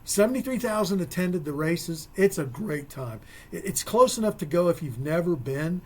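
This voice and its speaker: A man's voice: high voice, expressive, normal speed, slightly rough. A man co-hosting a local sports radio show, talking casually with folksy, rambling asides.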